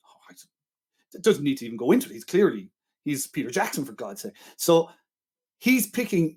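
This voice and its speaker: Enthusiastic, argumentative man, slightly high voice. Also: a little mellow. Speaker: podcast co-host. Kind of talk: casual film-review chat.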